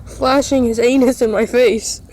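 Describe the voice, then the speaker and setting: A woman's voice: fairly high pitch, steady tone, measured pace, darkish tone. Woman, casual vlogger, chatty, coos at a cat, outdoors by a house, phone mic. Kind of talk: casual vlog chat. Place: outdoors beside her house.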